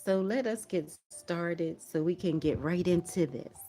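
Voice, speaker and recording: A woman's voice: on the low side, a little slow, dark tone, faint music behind. A woman hosting a livestream prayer watch, chatting casually, laughing often and reading viewer comments aloud.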